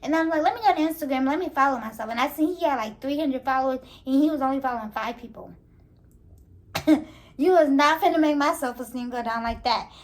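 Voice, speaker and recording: High-voiced young woman telling a story. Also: quick pace. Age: young adult. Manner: animated, laughing, slangy storytelling. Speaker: vlogger. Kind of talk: casual storytime.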